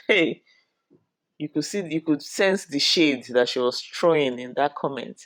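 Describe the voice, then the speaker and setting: A woman's voice: deep voice, unhurried, no room sound, clean studio sound. A woman, retelling reality show drama in a chatty, dramatic gossip style. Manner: chatty, dramatic retelling with frequent "you know". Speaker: reality show recap vlogger. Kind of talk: casual gossip recap.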